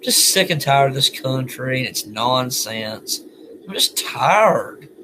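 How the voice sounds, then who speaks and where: Man, weary, bitter, sighing, venting monologue, home at night, mid pitch, faint hiss. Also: expressive, slow.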